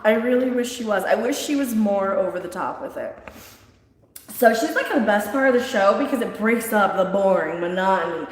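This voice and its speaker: A lively woman streamer rambles through a casual review, laughing and restarting her sentences as she goes. Her voice sits a little high and swoops widely in pitch. The sound bounces around a very echoey room with a long reverb tail. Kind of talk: casual live-stream chat.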